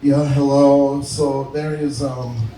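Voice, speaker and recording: A man voicing a bored, mumbling pizzeria manager with a slow, flat drawl, performed on stage. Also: mid-range voice, slight background noise, voice pushed down, natural voice. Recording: roomy venue sound from a distance.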